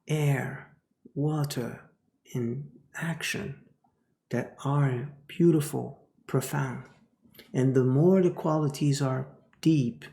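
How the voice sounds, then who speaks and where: A man's voice: mid-range voice, gravelly, dark tone. A man giving a spiritual teaching talk, dropping into whispers and repeating phrases like a chant. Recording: roomy echo.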